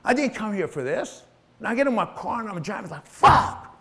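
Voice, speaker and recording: Brief: middle-aged male entrepreneur, somewhat high voice, raw profane motivational storytelling. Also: sing-song, quick pace, fairly bright tone. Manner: emotional, profane, acts out voices in his story. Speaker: entrepreneur telling his life story.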